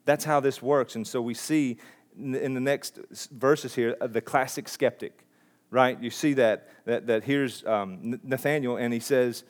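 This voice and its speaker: A man's voice: medium pitch, fairly even intonation, moderate pace. Earnest conversational male preacher. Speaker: pastor. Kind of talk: sermon.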